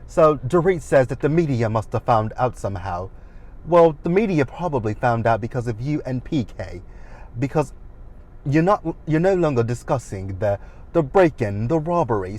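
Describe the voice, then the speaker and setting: A man's voice: mid-range voice, lively intonation, normal speed, a little mellow. A man in his thirties recapping a reality show in a chatty, sassy way with dramatic asides. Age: 30s. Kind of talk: casual recap commentary.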